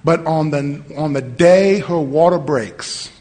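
A man preaching a sermon to a live congregation, telling stories and leading call-and-response, rising to shouts at his peaks. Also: on the high side, slow. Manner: storytelling, builds to shouting. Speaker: pastor. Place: church hall with live congregation. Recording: long hall reverb.

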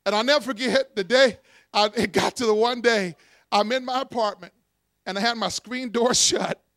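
A man preaching, leading the congregation to repeat lines after him. His voice sits high and he tells stories with animated energy and laughter. The sound is dry and close. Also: normal speed, no echo. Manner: call-and-response preaching, animated storytelling with laughs. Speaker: pastor. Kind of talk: sermon.

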